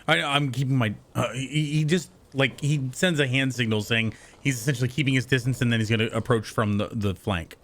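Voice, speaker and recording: A man's voice: medium pitch, fairly quick, few pauses, fairly bright tone. Hesitant man player at a tabletop game. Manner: hesitant, rambling planner. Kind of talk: casual tabletop game chat.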